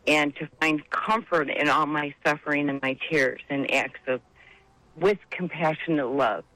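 With a low, slightly bright voice and measured pace, a woman phones a religious radio show to share an emotional testimony. She rambles, heartfelt and tearful, about grief and faith. The recording has no echo but is rough.

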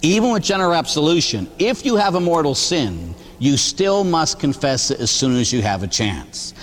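A man serving as a Catholic priest delivers a homily in an easy, chatty manner, firing off rhetorical questions with a wry edge. His voice sits a little high and moves with a lively, wide-ranging lilt. The sound carries a long church reverb. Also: moderate pace. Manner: animated, conversational preaching with rhetorical questions and humor. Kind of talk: sermon.

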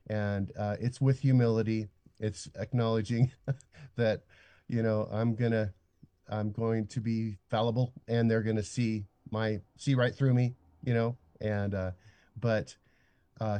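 An older man talks earnestly and reflectively, often stopping and restarting his thoughts. His voice is dark and mellow. It sounds close and dry through a studio microphone. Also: lowish voice, dry recording. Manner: earnest, reflective, stop-start. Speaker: guest. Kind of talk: radio interview.

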